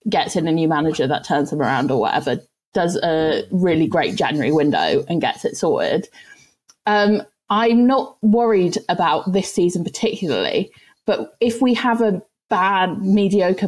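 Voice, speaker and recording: A woman with a husky, slightly low voice in casual football chat. She thinks aloud cautiously, weighing what could go wrong. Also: a little mellow. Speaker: podcast panelist.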